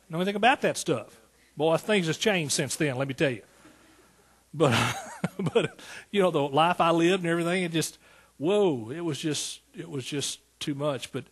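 Older male pastor in his sixties, husky tone, pitched a bit high, folksy sermon delivery. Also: fairly bright tone. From East Texas. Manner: folksy, storytelling, rising to emphatic praise.

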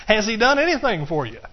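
A middle-aged man preaching a sermon, breaking into song and calling out to his congregation. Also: fairly high pitch. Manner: bursts into song and laughter, calls out to the congregation. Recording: dull, muffled recording.

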